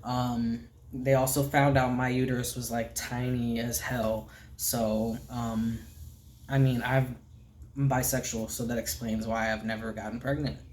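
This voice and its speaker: A man giving a casual, candid vlog update, soft-spoken and rambling with many fillers, often trailing off into a near whisper. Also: mid-range voice, little pitch movement, unhurried, a little hiss or hum. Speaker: vlogger.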